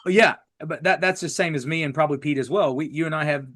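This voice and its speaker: A man's voice: fairly high pitch, fast, a bit bright. A man co-hosting a podcast, chiming in with short, joking remarks. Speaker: podcast co-host. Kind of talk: casual podcast chat.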